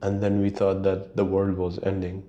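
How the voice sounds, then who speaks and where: The audio is dull, and the man's low, mellow voice is completely flat at a moderate pace. Hosting his own podcast solo, he rambles casually with plenty of profanity and chuckles at his own stories.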